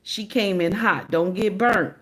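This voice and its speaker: Female livestream host, sassy and preachy, mid-pitched voice, repeats herself for emphasis. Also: a little slow, a bit bright. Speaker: commentary host reacting to clips. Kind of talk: casual reaction commentary.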